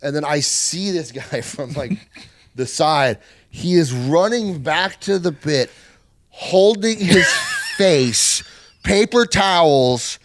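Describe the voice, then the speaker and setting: Excitable man telling a mosh pit story. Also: on the high side, slow, no echo. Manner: laughing, excitable anecdotes about metal shows. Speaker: podcast guest. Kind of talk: casual chat.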